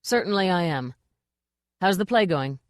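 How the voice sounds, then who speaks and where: A woman's voice: animated, moderate pace, no room sound, clean studio sound, natural voice. A woman voicing an evasive, wheedling male dwarf playwright. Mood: sheepish. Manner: wheedling, low and sheepish.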